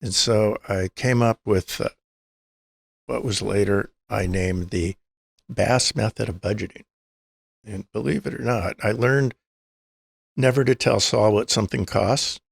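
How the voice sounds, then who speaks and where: A man's voice: lowish voice, measured pace, gravelly, pauses often, slightly rough, no echo. An older man, a guest in an interview, telling long anecdotes and acting out the quoted lines of the people in them. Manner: anecdotal, acts out quoted dialogue. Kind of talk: storytelling interview.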